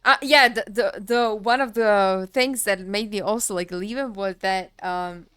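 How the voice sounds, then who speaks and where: A woman's voice: mid-range voice, a little slow, fairly bright tone, clean tone, no room sound. A young woman from Kazakhstan, telling personal stories on a livestream in a rambling way full of "like" and "you know". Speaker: streamer. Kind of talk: casual storytelling on a livestream.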